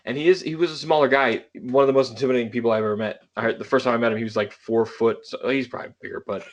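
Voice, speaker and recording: A man's voice: medium pitch, fairly even intonation, very fast, lo-fi sound. A young adult man co-hosting a podcast, telling rambling stories in casual chat and laughing often. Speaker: podcast co-host.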